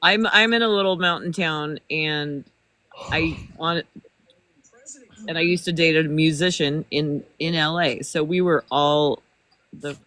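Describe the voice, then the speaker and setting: A woman's voice: sits low, a little slow, pushed and bright. A woman from California chatting casually as a guest on a livestream, talkative and laughing often. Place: small mountain town, indoors.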